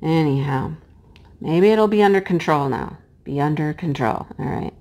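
A middle-aged woman chatting casually while she crafts, her voice hoarse and cracking, sometimes dropping to a hush as she works. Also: low-pitched, normal speed. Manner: chatty and homey, drops to a hush while placing pieces. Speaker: crafting vlogger and teacher. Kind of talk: casual chat while diamond painting.

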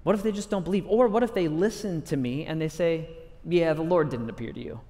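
A man's voice: fairly high pitch, a little fast, mellow, long reverb tail, close to an everyday voice. A man voicing an anxious, doubting biblical prophet who pleads and protests in casual modern speech. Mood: worried.

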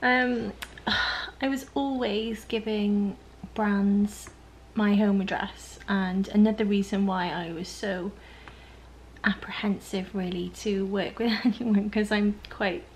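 A woman's voice: mid-range voice, steady tone, takes it slowly, a little hiss or hum. A young woman chatting casually at home on her sofa, rambling and giggling through a haul vlog. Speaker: lifestyle vlogger. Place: home living room, on the sofa.

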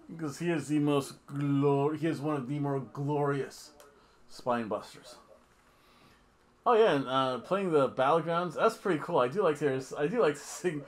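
A man's voice: on the high side, moderate pace. A man hosting a casual wrestling review, talking in a rambling, offhand, jokey way with asides. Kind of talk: casual wrestling recap chat.

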